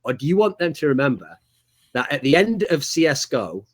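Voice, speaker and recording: A man's voice: on the high side, big pitch swings, a little fast, breathy edge. A man voicing a coaxing team leader talking a teammate into returning. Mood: persuasive. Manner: coaxing, persuasive. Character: persuasive male team leader, smooth talker.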